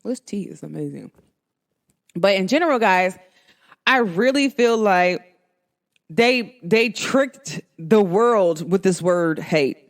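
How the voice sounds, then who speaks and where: A young woman with a New Jersey–New York accent hosting a solo podcast, talking in an animated, emphatic and slangy way. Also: mid-range voice, takes it slowly. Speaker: podcast host. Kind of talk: casual solo podcast monologue.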